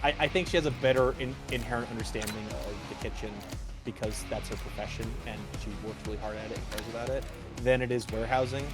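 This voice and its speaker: A man streaming a game, chatting casually in a rambling, stumbling way. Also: medium pitch. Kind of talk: casual chat while gaming. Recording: loud game music and gunfire behind.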